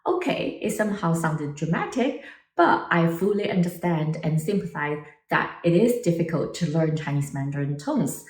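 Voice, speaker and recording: Woman language teacher, lower voice, very animated pitch, echoey room, distant mic. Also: moderate pace. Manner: animated, exaggerated tone demonstrations. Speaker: Mandarin teacher. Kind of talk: online language lesson.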